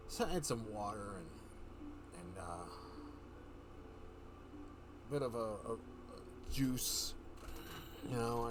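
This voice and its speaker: A man on a livestream telling a story in a loose, rambling way, often correcting himself and slipping into quick voices for the characters. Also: medium pitch, noisy background. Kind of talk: casual storytelling chat.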